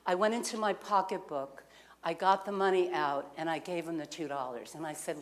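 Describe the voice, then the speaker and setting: A woman's voice: on the low side, expressive, moderate pace. New woman minister telling a story. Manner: conversational, asks the congregation questions. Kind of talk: sermon with personal storytelling. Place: community center lounge.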